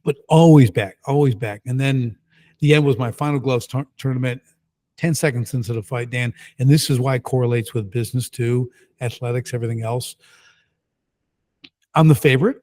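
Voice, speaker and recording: Middle-aged man, energetic guest storyteller, mid-pitched, punchy and emphatic. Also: fairly quick. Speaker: guest entrepreneur. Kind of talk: casual storytelling.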